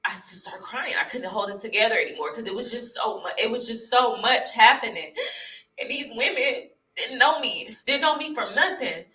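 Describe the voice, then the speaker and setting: A woman tells her personal story in an earnest, emotional way, close to tears and rambling with restarts. Her voice is bright and clear. The room sounds echoey, and she is some distance from the mic. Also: a little high, lively intonation, moderate pace, slight background noise. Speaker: vlogger sharing her testimony.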